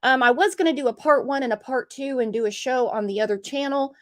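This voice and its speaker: Animated woman hosting a livestream. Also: high-pitched, fast talker. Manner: animated, reads out viewer comments. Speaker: true crime livestream host. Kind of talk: casual livestream chat.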